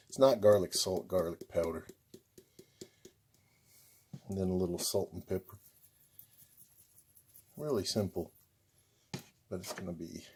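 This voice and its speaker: Deep-voiced man cooking at home. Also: mellow, breathy edge. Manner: easygoing, keeps calling the food beautiful. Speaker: home cook hosting a cooking video. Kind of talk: casual cooking demonstration. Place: home kitchen.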